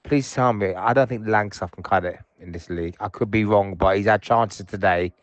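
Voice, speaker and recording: A man's voice: lowish voice, normal speed, no room sound, lo-fi sound. A man leaving angry, rambling, swearing voicemail messages from his sofa at home. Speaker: voicemail caller. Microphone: phone voicemail.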